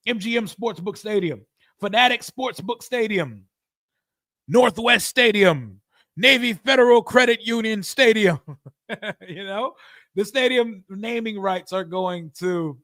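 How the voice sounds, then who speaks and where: A man's voice: high voice, no room sound, studio quality. A young man hosting a live reaction stream, talking casually and profanely, often addressing his chat directly. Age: young adult. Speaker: livestream host.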